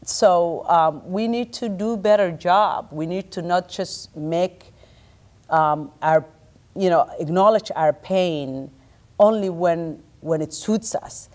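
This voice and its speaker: A woman speaking on a community panel, impassioned and halting, with frequent restarts and fillers. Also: on the low side, a little mellow.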